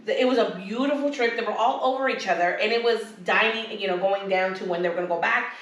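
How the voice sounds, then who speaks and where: A woman's voice: fast, recorded from a distance, lo-fi sound. A woman co-hosting a podcast in casual chat, telling stories animatedly and acting out quotes in a raised voice. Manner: animated storyteller, acts out quotes in high voices. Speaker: podcast co-host. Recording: echoey room, voice set back from the mic.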